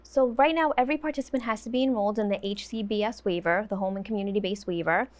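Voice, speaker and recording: A woman answering interview questions about her program, earnest and quick to laugh. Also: mid-range voice. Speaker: guest, autism program worker.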